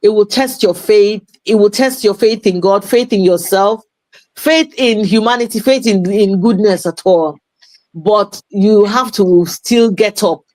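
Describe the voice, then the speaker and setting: Woman, interview guest, lively storyteller with Yoruba asides, dry close sound. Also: medium pitch, unhurried, no echo, poor audio. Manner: animated storyteller mixing English with Yoruba phrases. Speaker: interview guest, playwright and promoter.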